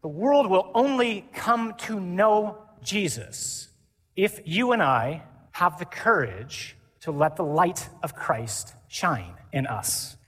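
A man preaching as a priest to a conference, lively and animated, mimicking voices for effect. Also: high-pitched, takes it slowly, a little hiss or hum. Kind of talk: conference sermon. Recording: hall reverb.

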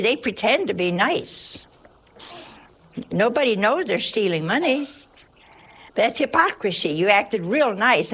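A woman giving a folksy sermon, telling humorous stories and dropping to hushed asides for emphasis. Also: lowish voice. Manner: humorous storytelling. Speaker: religious teacher.

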